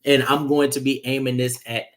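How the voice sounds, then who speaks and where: A man hosting a casual sports podcast, animated and slangy, running the topics. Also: medium pitch, a little fast. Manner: animated, slangy, shouts out players.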